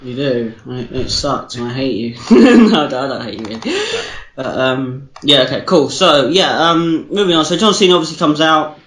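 A man's voice: a little high, lively intonation, moderate pace, fairly bright tone. A British man co-hosting a podcast over a Skype call, chatting casually, swearing freely and joking. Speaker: podcast co-host. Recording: roomy echoey Skype recording.

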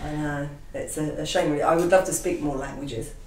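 A woman's voice: deep voice, steady tone, fairly quick, a crowd in the background. Laughing woman in an echoey room. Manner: laughs often, chatty. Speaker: co-host. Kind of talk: casual chat. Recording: echoey room, mic at a distance.

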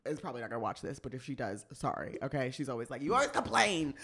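A young woman co-hosting a podcast in casual chat, animated and teasing, often laughing out loud. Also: extremely low pitch, very fast, breathy edge. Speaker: podcast co-host.

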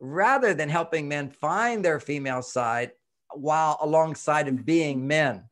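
A man's voice: a little high, unhurried. A man who writes on relationships, talking in a casual interview, acting out quoted voices and chuckling as he explains. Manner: animated, acts out quoted voices, chuckles often. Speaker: relationship author and expert guest.

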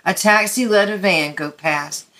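A woman reading a picture book aloud at story time, gently and expressively for young children. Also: mid-range voice, unhurried.

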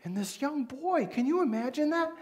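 A pastor with a Midwestern American accent preaching a sermon, retelling the story dramatically and voicing its figures. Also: male voice, very high voice, lively intonation, moderate pace, darkish tone.

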